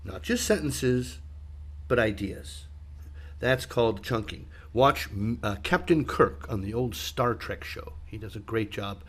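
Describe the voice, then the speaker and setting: A man's voice: fairly low pitch, animated, unhurried, a bit bright, breathy edge. A man, an English teacher, giving conversational spoken feedback to a student, with many ums and uhs, and stressing words to show how it's done. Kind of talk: online speaking feedback lesson.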